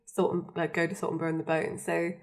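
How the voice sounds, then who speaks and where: A woman's voice: on the low side, monotone, fairly quick. A young woman co-hosting a podcast, chatting casually and recapping scenes with frequent laughs. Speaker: podcast co-host. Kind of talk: casual chat.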